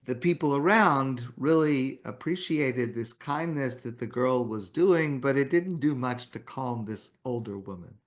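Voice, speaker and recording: A man's voice: medium pitch, lively intonation, measured pace, few pauses. A man giving a morning talk as a rabbi, telling a story in a conversational way. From Canada.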